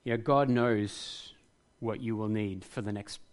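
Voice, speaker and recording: A man's voice: lowish voice, fairly even intonation, unhurried. A man preaching a sermon, earnest and reflective, rising to passionate emphasis at times. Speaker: pastor.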